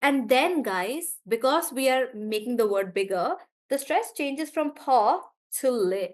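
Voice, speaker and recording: In a live class, a woman with a high-sitting, expressive voice teaches English pronunciation. She repeats each word slowly to model its stress, calls on students by name, and checks in with them.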